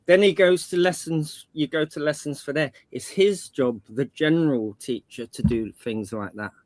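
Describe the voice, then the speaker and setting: A man's voice: on the high side, moderate pace, no room sound. Slangy rambling man on a stream. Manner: rambling, restarts mid-sentence, slangy. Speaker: panel guest. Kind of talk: casual chat.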